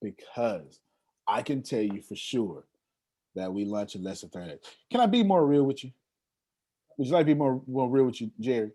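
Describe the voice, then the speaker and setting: A man's voice: medium pitch, normal speed. A man hosting an online meeting on a video call, talking in a casual motivational way with streetwise slang and a lot of repetition. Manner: animated, streetwise slang, repeats himself.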